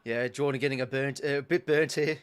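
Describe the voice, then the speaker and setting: This is a young Australian man giving offhand live commentary on a football match as a fan. He's talkative and one-sided, breaking into excitable bursts, and his medium-pitched voice is smooth and fairly quick.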